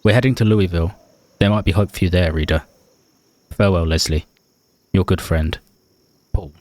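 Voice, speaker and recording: A man reading aloud a grave note from a male survivor, slowly and solemnly. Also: deep voice, darkish tone, no echo, lightly acted.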